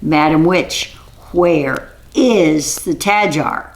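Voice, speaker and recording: A woman doing a stern storybook ranger man, low voice, slow firm questioning. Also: creaky, heavily acted. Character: stern, commanding male forest ranger.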